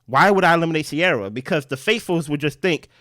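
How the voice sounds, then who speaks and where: A man breaks down a game strategy in a casual recap chat. He talks fast and animated, dropping "right?" as he goes, in a fairly high voice. The recording is close and dry. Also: no echo. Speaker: podcast co-host.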